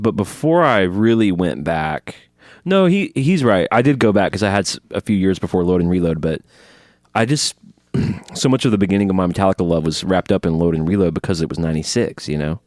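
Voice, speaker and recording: Animated joking male podcast co-host. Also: brisk, dry recording, studio quality. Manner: playful, joking banter with big pitch swings. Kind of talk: casual chat.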